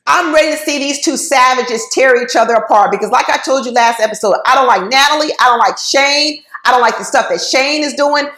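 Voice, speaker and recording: Woman, high voice, outspoken reality TV reviewer, casual and blunt, recorded in a roomy space. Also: fairly quick, few pauses, fairly bright tone. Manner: blunt, talks straight to the cast members; informal, folksy phrasing. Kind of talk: casual opinionated commentary. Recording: roomy echo.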